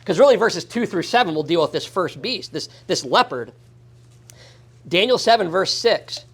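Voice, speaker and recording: A man's voice: high voice, lively intonation, moderate pace, gravelly, slightly rough. A man, a pastor, teaching a Bible study in a conversational way, often checking in with "right?" and acting out quoted voices. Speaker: pastor teaching Sunday school.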